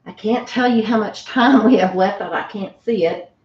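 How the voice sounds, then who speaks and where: A woman fitness instructor with a medium-pitched voice leads a home workout class at a moderate pace, slightly out of breath, with a little background noise. Chatty and encouraging, she laughs often. The home recording sounds roomy, distant, and dull.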